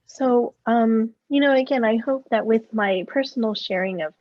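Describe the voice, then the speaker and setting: A woman's voice: a little high, normal speed, highs cut off. A woman Buddhist minister giving a personal dharma talk at an online seminar, speaking in an earnest and reflective way and sharing her own feelings candidly.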